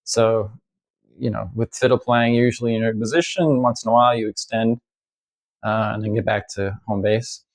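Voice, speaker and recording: Gravelly man teaching violin. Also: lowish voice, fairly even intonation. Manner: halting, many fillers and restarts. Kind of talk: casual instructional talk.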